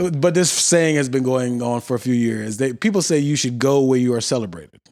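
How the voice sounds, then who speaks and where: A man's voice: medium pitch, normal speed, a little mellow. A man co-hosting a casual chat podcast, laughing often as he talks. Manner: giggly, laughs often mid-sentence. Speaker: podcast co-host.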